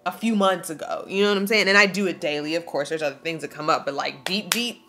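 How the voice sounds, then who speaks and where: A woman's voice: fairly low pitch, quick pace, background noise. Emphatic woman giving a spiritual tarot reading. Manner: emphatic, preachy, slangy, reads aloud from a card book. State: tearful. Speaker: tarot reader.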